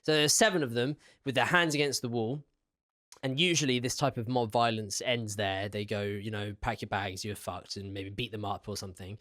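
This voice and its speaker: A man's voice: mid-range voice, steady tone, brisk, a bit bright. A man co-hosting a casual history podcast, teasing his partner and swearing casually while he retells events. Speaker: podcast co-host.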